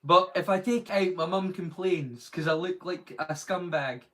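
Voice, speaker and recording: Brief: male streamer, casual and rambling, pitched fairly high, answers chat on the fly. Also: normal speed, bright, forceful tone. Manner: chatty, rambling, reads chat aloud. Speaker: live-stream host.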